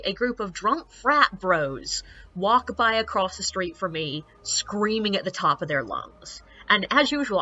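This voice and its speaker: A woman tells tour-guide stories straight to camera in a loose, chatty way, leaning on fillers. Her voice is bright and forceful, and the recording sounds a little dull and lo-fi. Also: medium pitch. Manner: chatty, animated, filler-heavy. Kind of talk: casual storytelling to camera.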